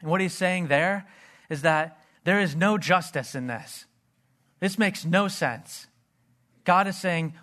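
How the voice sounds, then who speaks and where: Pastor, male, earnest sermon delivery, voice sits a bit high. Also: slow pace, a bit bright.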